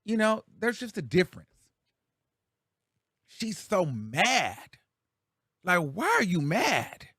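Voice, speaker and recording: A man's voice: high voice, slow pace, long pauses, husky, dry recording. A talkative man hosting a casual commentary show, his voice rising and dipping with lots of life. He speaks in a loose, slangy way to his viewers, and the sound is dry and close. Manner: animated, chatty, slangy.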